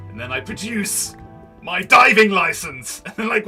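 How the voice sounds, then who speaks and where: Man, early thirties, gaming host; high, lively voice, playful and chatty, a little off-mic with music underneath. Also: moderate pace. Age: early 30s. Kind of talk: let's play commentary. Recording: slightly distant mic, background music. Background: background music.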